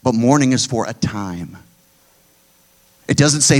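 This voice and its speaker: A man's voice: animated, unhurried. Emphatic preaching man, big swings. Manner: emphatic preaching, swinging between loud high pushes and low quiet drops. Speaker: pastor. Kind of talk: sermon.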